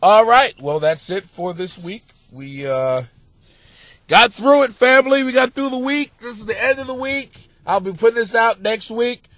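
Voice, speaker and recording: A male comedian hosting a podcast, delivering a crude, profane monologue that swings between muttering and loud yelling. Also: very high voice, normal speed, no echo.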